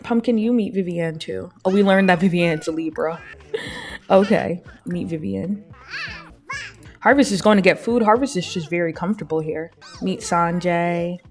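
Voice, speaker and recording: A woman casually commenting on her life-simulation gameplay, chatting freely and voicing her characters' lines in quick asides. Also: on the low side, darkish tone, faint music behind. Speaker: gameplay host. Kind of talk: casual let's-play commentary.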